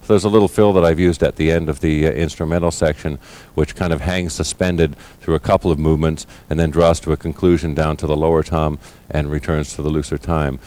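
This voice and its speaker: A middle-aged man in a recording studio, explaining drum fills in a measured, thoughtful way. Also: extremely low pitch, steady tone, a little mellow. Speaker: drummer giving a lesson. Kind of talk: instructional explanation.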